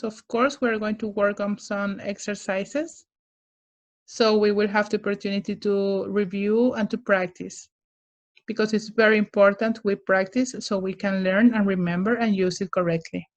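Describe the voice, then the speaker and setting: A woman teaching English grammar in a recorded lesson, explaining slowly and carefully with frequent restarts. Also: a little high, lo-fi sound.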